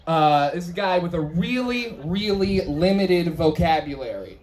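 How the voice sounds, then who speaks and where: A man doing a crude stand-up set at a live comedy show, with animated punchlines and bursts of shouting. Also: high voice, moderate pace.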